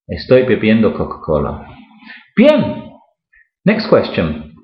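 Man teaching english, very slow and patient, lively sing-song pitch, echoey dull recording. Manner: slow and patient, repeats each sentence, lively rising praise. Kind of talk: slow, repeated English lesson with Spanish explanations.

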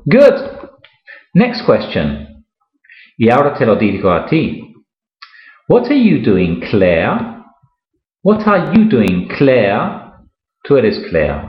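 Slow, patient male English teacher. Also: medium pitch, echoey room, highs cut off. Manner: slow and patient, repeats each sentence, lively rising praise. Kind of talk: slow, repeated English lesson with Spanish explanations.

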